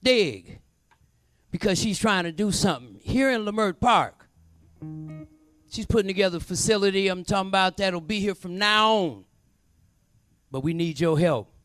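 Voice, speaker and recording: A man's voice: high-pitched, moderate pace, pauses often, no echo. A man talking from an outdoor stage between blues numbers, repeating phrases like a preacher as he makes an appeal and thanks his band. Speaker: singer and bandleader. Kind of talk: live stage talk between blues songs. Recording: live outdoor set with loud band. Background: live blues band with guitar.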